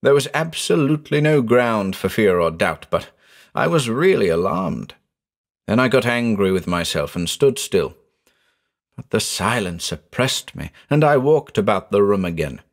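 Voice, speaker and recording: Male narrator for a horror tale, measured and dramatic, pitch moving freely. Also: very animated. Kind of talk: scripted horror story narration.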